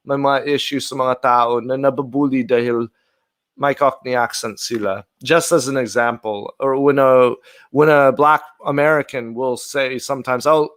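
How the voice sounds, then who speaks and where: A man's voice: mid-range voice, a bit bright, clear, resonant tone. A man hosting his own video, reacting to an old clip in a chatty, earnest way and thinking aloud as he goes. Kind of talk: casual commentary.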